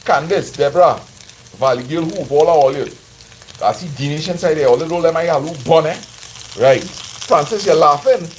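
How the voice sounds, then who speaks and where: A Trinidadian man streams himself cooking, chatting casually and joking with his audience as food sizzles in the pan. He speaks at a moderate pace with a pitch on the high side, and the rough recording carries a little hiss or hum.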